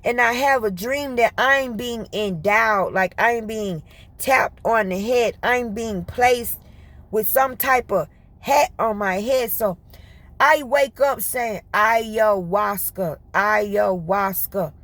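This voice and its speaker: A woman telling a story to her viewers in casual, colloquial chat. She talks fast in bursts, is lively, and laughs often. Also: on the high side, dry recording. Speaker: vlogger.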